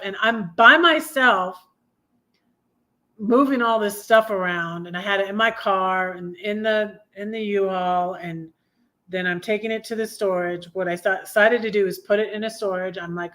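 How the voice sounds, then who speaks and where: A woman's voice: mid-range voice, steady tone, normal speed, fairly bright tone. Rambling, confiding woman in her fifties. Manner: rambling, confiding, frequent self-corrections. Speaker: livestream host. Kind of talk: casual personal storytelling.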